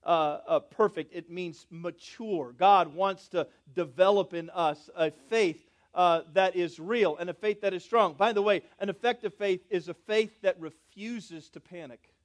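Man, pastor, high-pitched, preaching a sermon, loud drawn-out emphasis, hushed asides, questions to the congregation. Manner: swings between loud emphatic lines and soft low asides, drawing out key words; asks the congregation questions and calls for responses.

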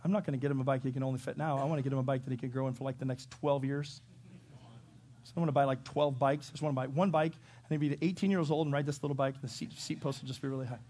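A middle-aged pastor preaches animatedly, acting out quotes and suddenly shouting loudly. His voice is medium-pitched and rapid-fire.

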